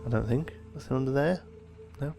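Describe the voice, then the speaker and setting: Faint music sits behind this let's play host, a man speaking briskly at medium pitch with vocal fry. Tired and yawning, he chats casually, reasoning aloud about the game as he plays.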